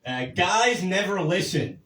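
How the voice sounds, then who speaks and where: A man's voice: sits high, animated, takes it slowly, a bit bright, reverberant, recorded from a distance, slight background noise, low-quality recording. A man doing a stand-up set, crude and self-deprecating, rambling with lots of fillers. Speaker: stand-up comedian. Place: comedy club stage.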